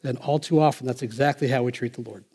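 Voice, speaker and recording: A male pastor preaching a sermon, emphatic and swinging from quiet asides to loud, driving lines. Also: mid-range voice, fairly even intonation, quick pace, slightly rough.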